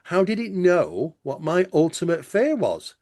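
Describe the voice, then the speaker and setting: Man hosting, lively and explanatory. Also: high voice, measured pace, dry recording, studio quality. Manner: conversational, explanatory, heavy use of "you know". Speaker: host. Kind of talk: casual podcast conversation.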